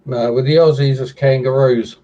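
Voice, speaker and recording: Mellow man telling dry jokes. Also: medium pitch, fairly even intonation, moderate pace, far from the mic, highs cut off. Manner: dry joke-telling storyteller. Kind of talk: casual chat.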